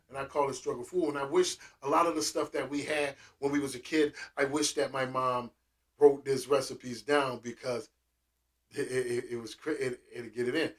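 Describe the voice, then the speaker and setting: A man's voice: medium pitch, expressive, moderate pace, fairly bright tone, far from the mic. A man telling stories casually and with animation, full of slang and restarts. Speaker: restaurant owner and vlogger. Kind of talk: casual storytelling monologue.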